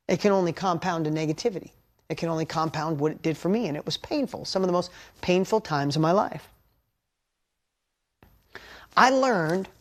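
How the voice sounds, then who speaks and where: A middle-aged man giving a motivational talk to an audience, telling a candid story of failure and building to emphatic lessons, at times choked with emotion. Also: sits high. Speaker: motivational speaker.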